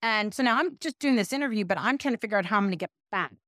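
A woman's voice: medium pitch, very fast, no room sound, studio quality. A middle-aged woman from California, a guest telling a story in an interview, chatty and self-deprecating. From Pasadena, California. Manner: chatty, self-deprecating, animated quoted asides. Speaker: podcast guest, business owner.

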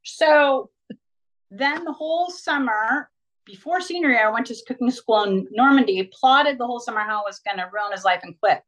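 A woman's voice: on the high side, normal speed, rough recording. Chatty woman telling her story. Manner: chatty, animated, lots of "like". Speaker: interview guest, entrepreneur. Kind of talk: casual storytelling.

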